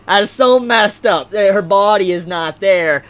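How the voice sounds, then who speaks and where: A man vlogging casually as he unboxes gifts, excitable, stammering and repeating himself, at times shouting. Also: high voice, measured pace, smooth. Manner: excitable, swings to shouting and squealing. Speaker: anime vlogger.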